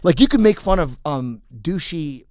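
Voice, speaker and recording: A man's voice: a little high, moderate pace, clear, resonant tone, no echo. A man, a comedian guest, telling stories in a casual chat and slipping into character voices, recorded in a podcast studio. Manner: animated storyteller, jumps into character voices.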